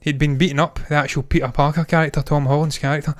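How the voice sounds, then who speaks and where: A man co-hosting a casual movie podcast, excitable and swearing a lot. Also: fairly high pitch, fast talker, no echo, studio quality. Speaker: co-host.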